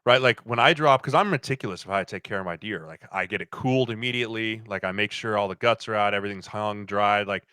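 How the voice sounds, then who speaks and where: A man in his thirties tells stories on a podcast. He acts out what other people said, and his voice sits fairly low but comes across bright and forceful. The sound is dry and close. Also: quick pace, hardly any pauses, smooth, no echo. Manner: animated storyteller, acts out quotes. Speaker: podcast guest. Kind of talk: casual chat.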